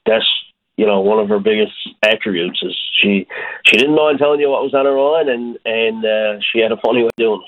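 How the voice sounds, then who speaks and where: A man, a hockey coach, speaking haltingly with many fillers and repeated words in a phone interview. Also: on the low side. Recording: tinny phone line.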